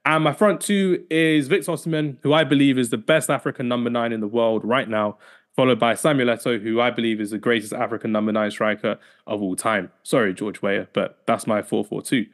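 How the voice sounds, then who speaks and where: A man's voice: mid-range voice, fairly even intonation, brisk. Upbeat man hosting a football podcast. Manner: upbeat, reels off lineups with playful asides. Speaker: podcast host. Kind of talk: casual football podcast debate.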